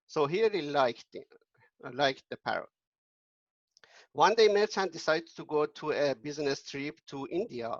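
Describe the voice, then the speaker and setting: A man telling a traditional story casually, halting with frequent restarts. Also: on the high side, no room sound, lo-fi sound. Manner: halting, with many restarts and fillers.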